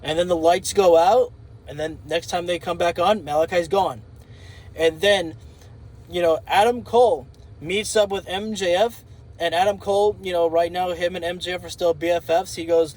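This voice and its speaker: A man's voice: high-pitched, steady tone, normal speed, a little mellow, low-quality recording. A man talking casually in an opinion vlog, rambling and thinking aloud with fillers. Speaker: wrestling commentator.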